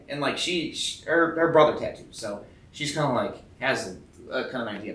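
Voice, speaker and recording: A man's voice: medium pitch, lively intonation, brisk, a bit bright, far from the mic, slight background noise. A young man telling a long story in casual chat, rambling and swearing a lot, acting out what people said. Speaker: tattoo artist guest. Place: tattoo convention. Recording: roomy sound, a bit off-mic.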